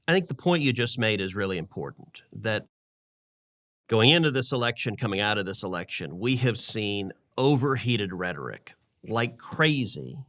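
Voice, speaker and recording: A man's voice: lowish voice, big pitch swings, normal speed, fairly bright tone. A man co-hosting a political podcast, telling a long story in an earnest way and often repeating words as he builds his point. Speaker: podcast co-host, senator. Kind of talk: casual political talk.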